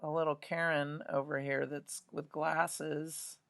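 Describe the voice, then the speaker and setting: Art teacher lady explaining a drawing to her class, gravelly voice, keeps saying right?. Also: deep voice, flat delivery, slow, a bit bright. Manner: chatty, often checks in with "right?". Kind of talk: drawing demonstration for students.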